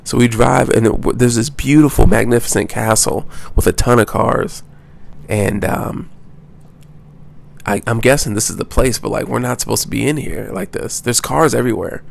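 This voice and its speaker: Gravelly, rambling American man. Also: mid-range voice, normal speed, a little hiss or hum. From United States. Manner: rambling, profane, full of restarts. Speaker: travel vlogger. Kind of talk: casual storytelling.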